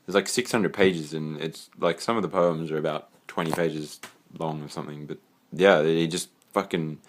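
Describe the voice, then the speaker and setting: Low-voiced rambling Australian young man. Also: steady tone, normal speed, slight background noise. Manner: rambling, swears casually, trails off with fillers. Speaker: vlogger. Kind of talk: casual rambling room tour. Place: own bedroom.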